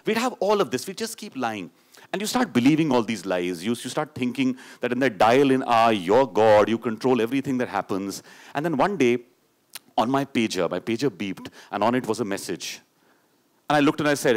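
A middle-aged man from India with an Indian English accent, telling a personal story live on stage, moving from animated, playful telling into hushed, grave narration. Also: medium pitch, normal speed. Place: stage before an audience.

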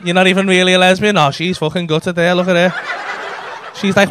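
A man's voice: sits high, fairly even intonation, normal speed, fairly bright tone, slight background noise. A man doing crude, teasing crowd work as a stand-up comedian on a comedy club stage. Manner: brash, crude, teasing banter with constant swearing.

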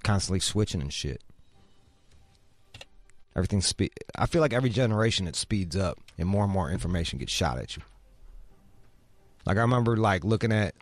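A man hosting a show, talking in a casual, profane way that rises into loud outrage. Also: fairly low pitch, no room sound. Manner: animated, swearing, rising into loud outrage. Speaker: show host.

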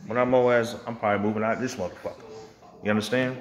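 A vlogger and music producer rants hotly to camera, profane and confrontational, his voice on the low side with fairly even intonation at a quick pace. Now and then he mocks others using put-on voices.

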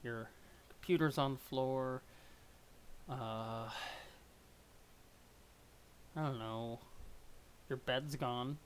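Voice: medium pitch, fairly even intonation, extremely slow, long pauses, slight background noise. A streamer chatting casually and rambling while reading through a webcomic on a live stream. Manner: rambling, self-deprecating, chatty.

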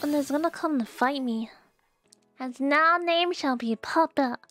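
A young woman streaming a video game live, chatting to viewers with excitable gasps and squeals. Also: high-pitched, unhurried, soft background music. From Australia. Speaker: VTuber streamer. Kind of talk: gameplay live stream chat.

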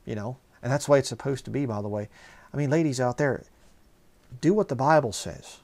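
A man's voice: medium pitch, fairly quick, creaky, darkish tone. A man preaching a sermon, telling a rambling personal story full of fillers and rising into heated outbursts.

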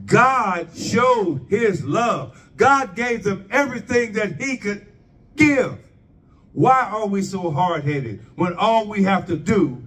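A man's voice: high voice, lively intonation, slow pace, fairly bright tone, recorded from a distance. A man preaching a sermon, asking the congregation rhetorical questions and drawing their responses.

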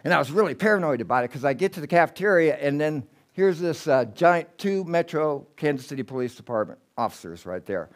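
A middle-aged man giving a casual, rambling talk of ghost stories, going off on tangents and swinging between excited outbursts and hushed tellings. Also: on the high side, brisk, hardly any pauses.

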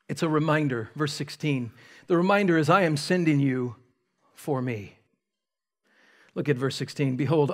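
A man preaching a sermon as pastor, speaking emphatically with dramatic pauses and rising intensity. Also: fairly high pitch. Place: church sanctuary.

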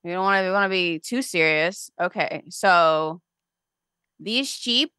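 A woman's voice: fairly low pitch, measured pace, pushed and bright, clean tone, dry recording, studio quality. A woman co-hosting a podcast, talking plainly in casual chat and bringing up news stories. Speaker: podcast co-host.

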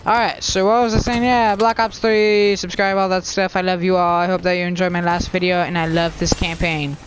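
A man hosting a gaming channel, giving excitable, rambling, silly commentary while he plays. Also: sits high, brisk, a little hiss or hum. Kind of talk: let's play commentary.

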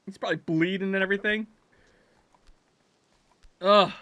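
A man doing let's play commentary, yelling at his character and swinging from muttered self-talk to loud shouts. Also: sits high, fairly even intonation, normal speed, no room sound. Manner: jokey self-talk while playing. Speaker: gaming channel host.

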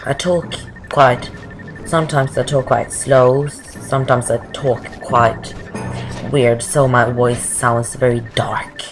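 This woman's bass voice stays steady and unhurried as she chats casually through a video game walkthrough, wandering off topic now and then. It's a Let's Play with game music playing, captured on a rough recording.

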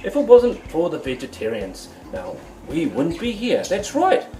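A man's voice: fairly high pitch, huge pitch swings, a little slow, warm tone, echoey room. A man with a New Zealand accent hosting a goofy comedic cooking show from his home kitchen, full of playful sing-song exclamations.

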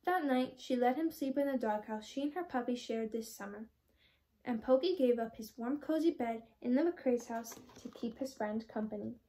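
A teenage girl reading a children's storybook aloud, with clear, expressive storytelling. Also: on the high side, normal speed. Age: teens. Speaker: storybook reader.

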